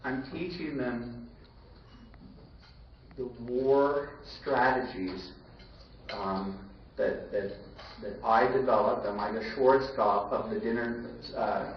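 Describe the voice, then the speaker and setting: A man in his forties giving a lively banquet speech full of quick asides and restarts. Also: medium pitch, far from the mic. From United States. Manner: animated storytelling, rapid asides and repetitions. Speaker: banquet keynote speaker. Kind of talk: live speech with anecdotes. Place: large banquet hall. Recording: echoey, dull banquet-hall recording with noise.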